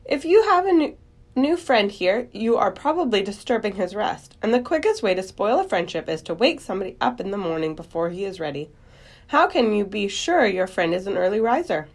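A woman's voice: mid-range voice, lively intonation, a little fast, gravelly. A woman voicing a grumpy old sheep who scolds and disapproves in a storybook reading. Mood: scolding.

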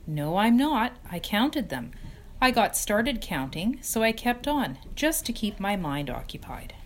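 A woman's voice: mid-range voice, sing-song, unhurried. A woman doing a weak, weary wise spider. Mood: gentle. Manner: gentle, quiet, slipping to a whisper. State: weak, tired voice. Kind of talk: storybook reading.

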